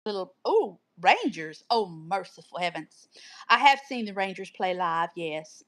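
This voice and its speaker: A woman with a Southern American accent chatting casually on a livestream over a video call, drawn-out and easily amused. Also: on the low side, sing-song, fairly bright tone. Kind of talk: casual chat.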